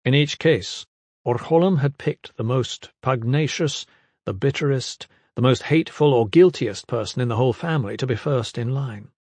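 A man giving a measured, dramatic scripted narration of a fantasy audiobook, mid pitch, recorded dry and close. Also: darkish tone, no echo.

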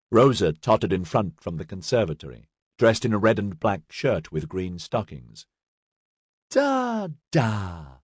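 A man narrating a science fiction audiobook in an expressive, dramatic reading style. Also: on the low side, dry recording, studio quality. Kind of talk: scripted narration.

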